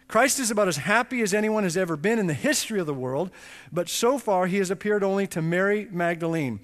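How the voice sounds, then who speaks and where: A man preaching a sermon, emphatic and animated, with chatty asides. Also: high-pitched, fairly quick. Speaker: pastor. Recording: long reverb in a large hall.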